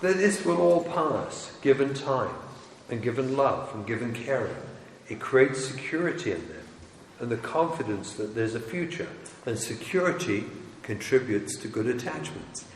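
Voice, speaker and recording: A man's voice: mid-range voice, animated, normal speed. A man, a rabbi, lecturing parents in an emphatic, wry, teasing way. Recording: echoey hall with faint noise.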